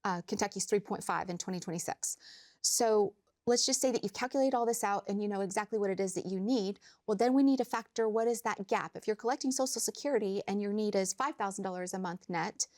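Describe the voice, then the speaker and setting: A woman financial advisor on a talk show, explaining money matters in measured, plain steps. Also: mid-range voice, a little mellow.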